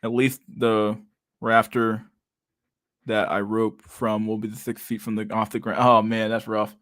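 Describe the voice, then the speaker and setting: Man, 30s, live-stream host, reading chat aloud, casual and profane, low voice, monotone. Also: measured pace, no echo, studio quality. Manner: casual, profane, says "dude" a lot, reads comments aloud.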